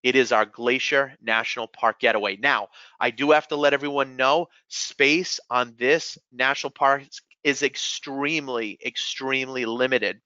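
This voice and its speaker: A man's voice: medium pitch, fairly even intonation, moderate pace, bright, forceful tone, clean tone, no room sound, lo-fi sound. A man with a New England accent presenting a live sales webinar, upbeat and enthusiastic, often calling out to everyone.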